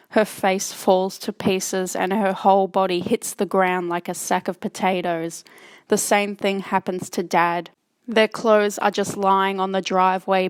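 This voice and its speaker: A woman narrating a horror audiobook in the first person, with a steady, plain reading manner. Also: medium pitch, clear, resonant tone, dry recording.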